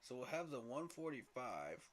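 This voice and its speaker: A man's voice: mid-range voice, very animated, normal speed, a little hiss or hum. A man hosting a casual solo livestream, thinking aloud in a tired, muttering way and often repeating himself. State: tired, yawning. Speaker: fan podcast host.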